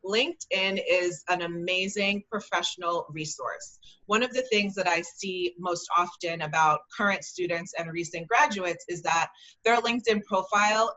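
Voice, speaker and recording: A woman, likely in her thirties, giving earnest, encouraging career advice in a conversational way with frequent pauses. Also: on the low side, sharp tone, low-quality recording. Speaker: guest speaker, career advice.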